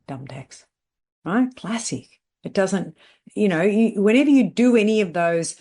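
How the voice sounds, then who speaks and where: A woman's voice: medium pitch, moderate pace, mellow. A middle-aged woman coaching salon owners in a podcast monologue. She is blunt and emphatic and keeps checking in with "right?". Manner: blunt, emphatic, repeats catchphrases and asks "right?".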